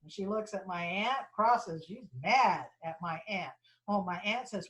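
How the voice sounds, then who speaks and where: A woman lecturer telling a personal story, with halting restarts and repeated phrases, acting out the people she quotes. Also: medium pitch, rough recording. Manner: animated, voices the people in her story.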